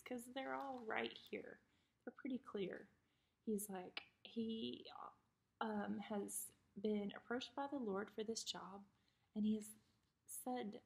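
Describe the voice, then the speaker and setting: Husky, gravelly-voiced woman giving a chatty devotional. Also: mid-range voice. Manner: chatty, personal, filler-laden. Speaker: devotional speaker. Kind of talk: casual devotional talk.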